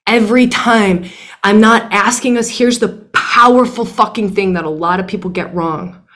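Speaking at medium pitch and normal speed with a fairly bright tone, a young woman teaches a workshop. She is emphatic and direct, curses openly, and says things over again for emphasis.

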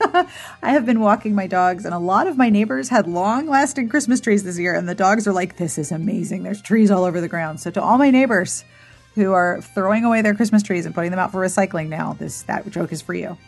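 Breathy chatty woman host, playful. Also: mid-range voice, expressive, fairly quick, soft background music. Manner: chatty and playful, giggles at her own jokes. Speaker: podcast host. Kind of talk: casual podcast outro.

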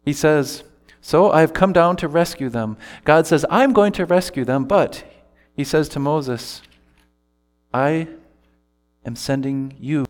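A man's voice: a little high, slow, long pauses, big-room sound, faint music behind. A man preaching an earnest sermon as pastor, voicing scripture quotes with feeling. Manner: earnest preaching, quoting scripture in character voices.

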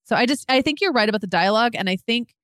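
A woman's voice: on the high side, animated, rapid-fire, a bit bright, dry recording, clean studio sound. A woman co-hosting a podcast in casual chat, giving frank, emphatic opinions and acting out her own thoughts. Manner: candid, emphatic opinions with quoted inner thoughts. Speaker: podcast co-host.

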